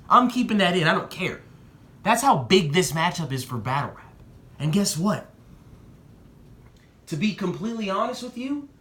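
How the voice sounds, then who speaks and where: A young man in a casual vlog giving excited predictions and talking straight to the people he discusses. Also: reverberant. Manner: excitable, talks straight to the rappers, jumps in pitch. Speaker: battle rap commentator.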